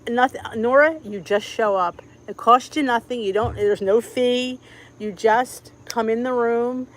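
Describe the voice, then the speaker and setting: Over poor audio, a cooking channel host in her middle years talks at a measured pace in a fairly high voice. She has a Philadelphia accent and greets viewers by name during a casual home live stream.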